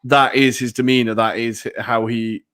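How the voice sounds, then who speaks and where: A man co-hosts a casual football podcast at a mid-range pitch. He is chatty, uses plenty of fillers, and pokes fun at himself. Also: flat delivery, normal speed, fairly bright tone. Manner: chatty, self-mocking, many fillers. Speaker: podcast co-host.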